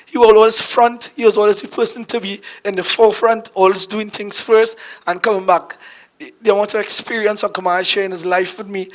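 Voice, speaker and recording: A hoarse man with a Trinidadian accent giving a heartfelt, rambling, unprepared eulogy for a family elder at a home funeral. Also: high-pitched. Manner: heartfelt, rambling, repeats himself.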